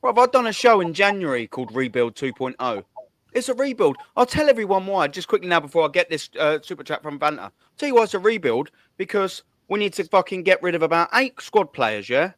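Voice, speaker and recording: A man tears into his subject in a heated fan rant, swearing freely and counting off points one after another. His voice sits a little high, and the sound is dry and close. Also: sing-song, a bit bright, no room sound. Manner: fast, swearing, repetitive counting. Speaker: host.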